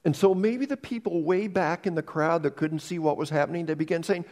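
Gravelly, lively-pitched preacher man. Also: brisk, few pauses. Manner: dramatic, dropping to a hushed near-whisper for emphasis; repeats words when starting phrases. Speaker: pastor. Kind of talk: sermon.

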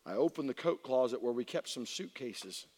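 A middle-aged man preaching as a youth pastor, telling a personal story that swings from hushed to shouting. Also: mid-range voice, lively intonation, moderate pace. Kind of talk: sermon. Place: large church hall. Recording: long hall reverb.

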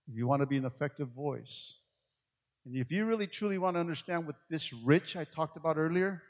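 A man preaching a sermon as pastor, swinging from loud, urgent appeals to quiet, low passages. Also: long reverb tail. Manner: preaching with rising, shouted appeals and quiet stretches.

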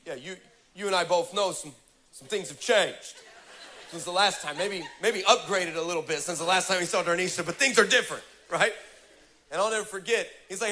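A male pastor preaching a sermon, telling a funny story with lively, humorous delivery and building to fervent exhortation. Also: high-pitched, moderate pace, a little hiss or hum.

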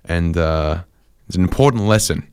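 A young man tells a rambling comic story, often stopping to correct himself and going off on animated asides. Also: low voice, normal speed, clean tone, no room sound, clean studio sound.

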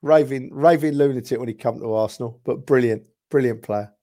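A man's voice: medium pitch, brisk, dark tone. A man in casual chat, reminiscing about favourite players, rambling with chuckles and restarts. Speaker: podcast guest, football fan.

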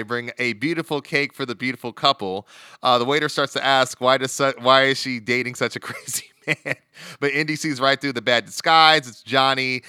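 A man's voice: medium pitch, pushed and bright, clear, resonant tone, no echo, studio quality. A man co-hosting a podcast, recapping wrestling episodes in a loose, rambling way with lots of fillers. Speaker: podcast co-host. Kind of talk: casual wrestling recap chat.

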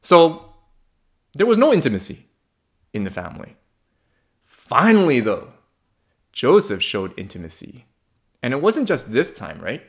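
A man's voice: medium pitch, a bit bright. A man preaching a sermon in a conversational, humorous way, asking the congregation questions.

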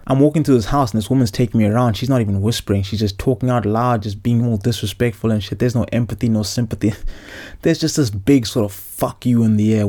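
A man's voice: medium pitch, fast, a little mellow. A Zimbabwean man in his thirties hosting a podcast, telling profane, joking stories in a casual ranting monologue from inside a clothes-filled wardrobe. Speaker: podcast host.

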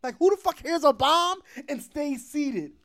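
A man hosting a podcast, telling a story in casual chat, animated and swearing, laughing often. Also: extremely high pitch, measured pace. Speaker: podcast host.

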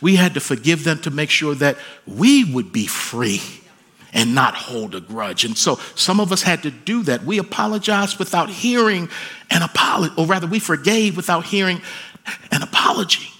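A man preaching a sermon, dropping to hushed pleading and then rising into loud, emphatic peaks. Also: a little high, expressive, moderate pace, slightly rough. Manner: swings from hushed pleading to soaring shouted emphasis. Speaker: pastor.

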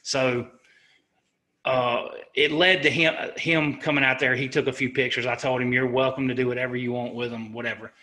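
Bright-voiced man, earnest and halting. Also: mid-range voice, flat delivery. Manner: earnest and halting, with frequent restarts and self-corrections. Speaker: interview guest, army sergeant. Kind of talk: recounting a personal war story.

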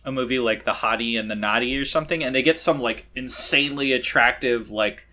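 A man in casual movie-review chat, mocking scenes with animated impressions and frequent laughter. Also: medium pitch, a little fast.

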